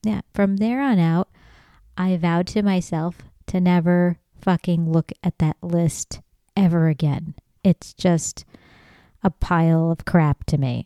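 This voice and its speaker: Woman, podcast host, casual solo rant, swears a lot, loud and emphatic, smooth voice, dry sound. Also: on the low side, fairly even intonation, takes it slowly, no echo. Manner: profane, ranting, gets loud and emphatic.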